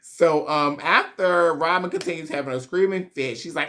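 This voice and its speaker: Man, reality show recap host, gossipy, slangy, a bit high voiced. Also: moderate pace, sharp tone, a little hiss or hum. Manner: chatty, slangy and profane, laughs often.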